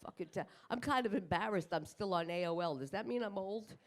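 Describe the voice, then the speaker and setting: Performing stand-up on a club stage for a live crowd, a brash, profane older woman comic delivers self-mocking punchlines. Her mid-range voice runs a little fast over slight background noise.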